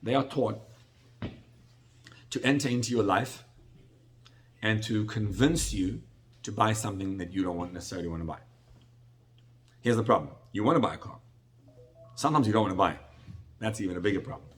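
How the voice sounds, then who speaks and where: A man's voice: on the low side, brisk, long pauses. A middle-aged man, a rabbi, giving a conversational sermon-style Torah class, often restarting his phrases and acting out little dialogues. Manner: conversational, repetitive restarts, acts out salesman dialogue.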